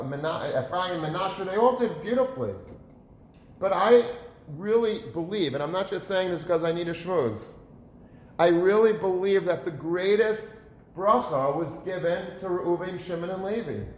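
Earnest high-voiced man preaching, roomy echo. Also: unhurried, a little hiss or hum. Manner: earnest, rhetorical questions, repeats words for emphasis. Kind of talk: sermon.

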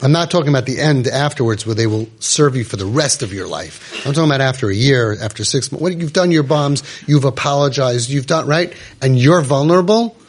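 A man leading a parent support group, speaking to a live audience in a room in a lively way with lots of fillers and acted-out quotes. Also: medium pitch, fairly quick, hardly any pauses, a little hiss or hum. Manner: animated, acts out quoted voices, many fillers.

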